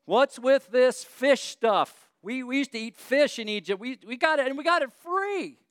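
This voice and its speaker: A man voicing a crowd of hungry Israelites whining for meat, in a complaining, drawn-out way. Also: extremely high pitch, lively intonation, a bit bright, clear, resonant tone, dry recording, studio quality, pitched above the performer's own voice.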